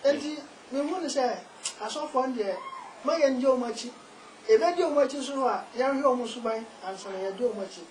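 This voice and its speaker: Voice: sits high, a little fast. Emphatic guest, echoey room. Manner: emphatic, repeats key phrases. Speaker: spiritual and herbal practitioner, guest. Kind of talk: casual interview talk. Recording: echoey room with faint noise.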